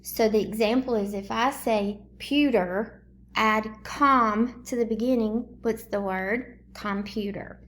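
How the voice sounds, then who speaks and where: A woman's voice: fairly high pitch, a bit bright, a little hiss or hum. A woman teaching a phonemic awareness drill at home, stretching out each word and asking children to blend or split syllables. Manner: slow, drawn-out word prompts. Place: home kitchen.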